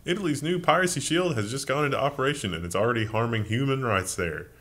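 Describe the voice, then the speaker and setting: A man's voice: mid-range voice, lively intonation, quick pace, a bit bright. A man co-hosting a casual tech news show, reading headlines with dry remarks. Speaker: co-host.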